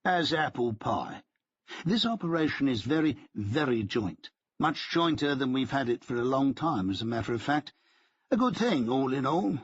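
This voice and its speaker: A man's voice: medium pitch, big pitch swings, normal speed, breathy edge, no room sound, lo-fi sound. A man voicing a wry, formally polite middle-aged male spy handler who calls his listener sir. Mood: dry, courteous. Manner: formal, dryly ironic, addresses listener as sir.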